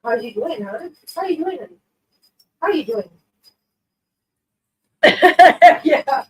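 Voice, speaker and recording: A woman's voice: sits high, animated, slow, long pauses, poor audio. A woman hosting a casual live stream who chats with viewers, laughs often and coos baby talk at her cats.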